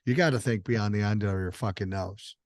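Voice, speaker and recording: A man's voice: lowish voice, a little fast, dry recording, studio quality. An older man hosting a podcast, talking politics in a blunt, emphatic, profane way. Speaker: podcast host. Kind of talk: casual political chat.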